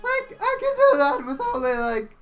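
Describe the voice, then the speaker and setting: A man doing a quick, high impression of a laid-back cartoon slacker. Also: very animated, a bit bright, muffled recording, soft background music, full character voice. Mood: boastful.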